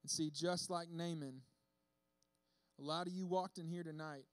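Guy preaching, high voice, super casual and animated, acts out the bible quotes, dry close sound. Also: normal speed, smooth, dry recording. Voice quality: bearded speaker. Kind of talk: sermon.

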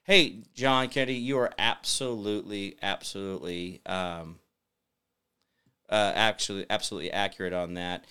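A man's voice: sits low, steady tone, normal speed, pushed and bright, clear, resonant tone. A man hosting a talk show, rambling in a folksy, preachy monologue to his viewers. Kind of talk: casual livestream monologue.

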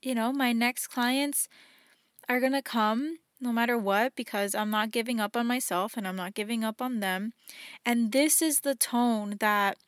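A woman's voice: a little high, fairly even intonation, unhurried, dry recording, clean studio sound. A young woman hosting a reflective solo podcast, talking in an earnest, encouraging way and acting out the voices in her head. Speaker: podcast host.

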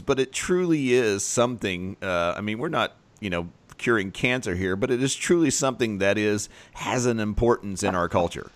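A man's voice: on the low side, animated, normal speed. A man co-hosting a casual podcast chat, talking in a reflective way and laughing easily. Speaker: podcast co-host.

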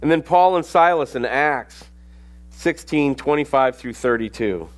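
A middle-aged man preaches a sermon in an animated way, reading scripture aloud and then pressing his points with sudden emphasis. His voice sits in an ordinary middle range for a man. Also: medium pitch, a little slow. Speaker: pastor.

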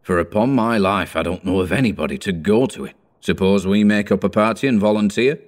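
A man's voice: fairly low pitch, fairly quick, close to an everyday voice. A man voicing a fat, bored male merchant from a storybook, speaking in offhand, drawling banter.

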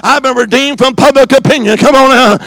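Man evangelist, very high voice, dry close sound, fiery revival preacher who calls out to the congregation. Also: a little fast, dry recording. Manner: fiery preaching with shouts and call-and-response; rhythmic repeated declarations. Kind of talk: revival sermon. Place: church service.

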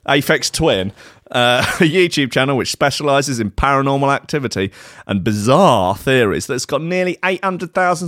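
A man hosts a comedy podcast, ridiculing a news story with heavy swearing and sarcasm. His voice sits at an ordinary middle pitch, and he is recorded close and dry. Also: fairly bright tone, dry recording. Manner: profane, sarcastic, laughing at his own jokes.

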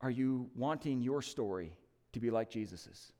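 A male lead pastor preaching an Easter sermon in church. He is emphatic and swings from loud declarations to hushed appeals. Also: mid-range voice, expressive, measured pace.

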